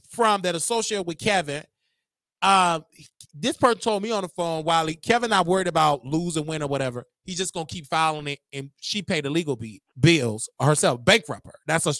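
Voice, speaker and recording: A young man hosts a casual gossip livestream and talks in an animated, chatty way. His voice sits fairly high and sounds bright. He is close to the mic, with a dry, close sound. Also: a little fast, no room sound. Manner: animated, gossipy, laughs a lot. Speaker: show host.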